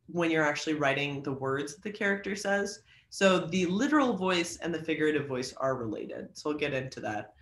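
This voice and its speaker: A man's voice: on the high side, pushed and bright, echoey room. A man teaching an online creative writing class, chatty and joking, with lots of fillers. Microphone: video call.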